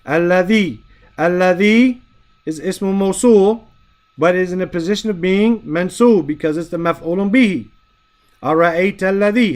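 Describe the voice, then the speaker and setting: A man teaching a grammar lesson in a fairly high voice. He explains step by step and keeps checking that his students follow. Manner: explains patiently, checks in with "right?" often.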